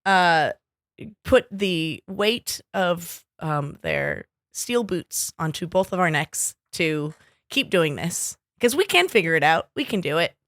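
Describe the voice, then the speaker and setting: A woman's voice: fairly low pitch, lively intonation, a bit bright, dry recording, studio quality. A woman co-hosting a podcast in casual chat, joking and swearing freely. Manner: profane, joking, quick quips. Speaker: podcast co-host.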